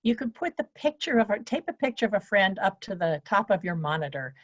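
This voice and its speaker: A woman's voice: mid-range voice, sing-song, brisk, no echo, muffled recording. A woman coaching listeners on presentation skills, speaking in a straightforward, practical way over a video call. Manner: straightforward and practical, teaching in lists. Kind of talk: speaking to an online event.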